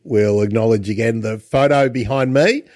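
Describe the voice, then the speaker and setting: A man hosts a relaxed interview, chatting in a halting way full of restarts and repeated words. His voice sits in a middle pitch and sounds close and dry, with no room around it. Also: no echo. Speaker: podcast host. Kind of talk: casual interview.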